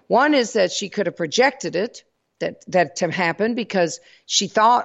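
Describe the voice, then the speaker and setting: Gravelly Southern woman giving a spiritual talk. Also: medium pitch, animated, moderate pace. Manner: folksy, addresses listeners as y'all. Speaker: host. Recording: dull lo-fi recording.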